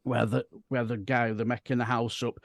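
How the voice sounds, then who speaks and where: Bradford man, mid-pitched, dry close mic, rambling casual talk. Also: flat delivery, normal speed, vocal fry, dry recording. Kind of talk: casual political chat.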